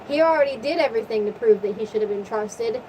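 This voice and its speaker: A blunt, insistent goddess, as a woman quotes her in a story recap. She speaks matter-of-factly in a fairly high voice. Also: fast talker, a little mellow, recorded from a distance, slight background noise, lightly acted, low-quality recording. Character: wise, blunt goddess Athena, female.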